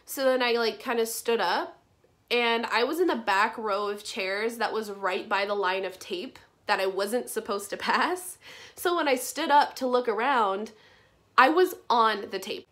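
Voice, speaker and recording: Young woman vlogger, kinda high voice, chatty storytime, lots of "like" and cussing. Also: a little slow, a bit bright. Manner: chatty, frequent "like", swears casually, emotional retelling. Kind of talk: casual storytime.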